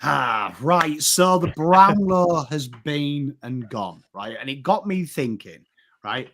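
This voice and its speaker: Animated English man, fairly high voice. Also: slow pace. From England. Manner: animated, rambling with restarts. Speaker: co-host. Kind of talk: casual panel chat.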